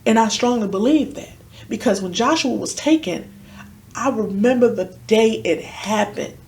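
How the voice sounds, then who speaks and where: A woman's voice: on the high side, moderate pace, darkish tone, a little hiss or hum. A woman guest telling a personal story in an interview, earnestly acting out the dialogue she recounts. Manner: vivid retelling that acts out quoted dialogue; earnest, emotionally charged. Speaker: podcast guest.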